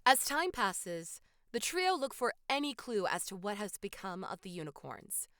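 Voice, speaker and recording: A woman co-hosting a podcast, recapping a film's plot in a casual, animated storytelling way. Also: medium pitch, normal speed, dry recording, studio quality. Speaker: podcast co-host. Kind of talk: casual film recap chat.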